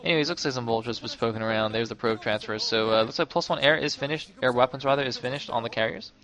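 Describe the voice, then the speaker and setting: An esports caster delivers casual play-by-play on a game in a fast, mid-range voice. He's chatty and often corrects himself, turning loud and excited when the action gets tense.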